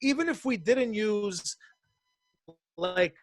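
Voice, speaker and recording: High-pitched, animated Canadian man. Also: slow pace, no room sound. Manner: swearing, animated, acts out quoted people. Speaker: podcast co-host. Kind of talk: casual storytelling chat.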